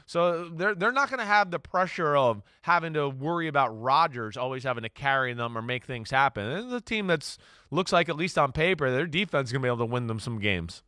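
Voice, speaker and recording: Rambling, bright-voiced man talking football. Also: mid-range voice, lively intonation, fairly quick, no room sound, clean studio sound. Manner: rambling, many restarts and fillers, enthusiastic. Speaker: sports analyst. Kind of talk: casual sports analysis chat.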